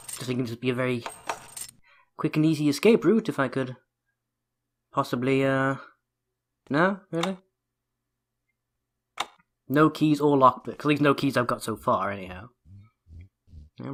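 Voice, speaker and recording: A man narrating his own gameplay at a desk mic, joking, poking fun at himself and scolding the character on screen. His voice sits at an ordinary middle pitch. Faint noise hums underneath. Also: a bit bright. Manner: joking, self-mocking, talks to the game character. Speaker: let's play host. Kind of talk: gameplay commentary.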